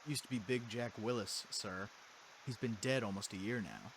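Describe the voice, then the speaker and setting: Brief: man playing a meek old gardener with a sore back, soft and polite. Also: lowish voice, moderate pace, noisy background, close to an everyday voice. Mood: deferential. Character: old male gardener with a bad back, deferential.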